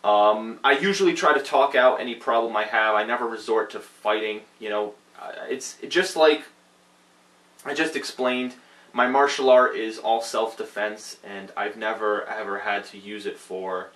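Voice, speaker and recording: A man's voice: on the low side, moderate pace, fairly bright tone. Profane, rambling man reading fan mail. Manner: rambling, profane, stumbles over misspelled messages. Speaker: channel host answering fan mail. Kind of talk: casual chat, reading messages aloud. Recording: roomy echo.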